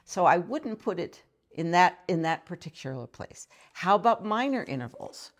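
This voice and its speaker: Here a woman teaches violin intonation in a conversational, reflective manner, quizzing the listener between quick demonstrations. Her pitch sits fairly low but swings widely, and she keeps a moderate pace. Violin passages fill the gaps between her phrases.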